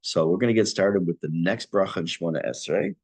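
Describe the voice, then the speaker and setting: A man teaching an online class on prayer, reading Hebrew phrases and explaining them in English with a lively teacher's delivery. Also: sits low, fast. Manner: lively teacher's delivery, rising on key words.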